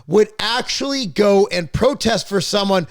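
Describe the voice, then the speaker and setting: A man with a gravelly, fairly high voice hosts a podcast in casual, opinionated talk. He rambles bluntly, repeats words as he restarts, and drops the odd swear. The recording is dry and close. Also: animated, a little slow, no echo. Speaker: podcast host. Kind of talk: casual political chat.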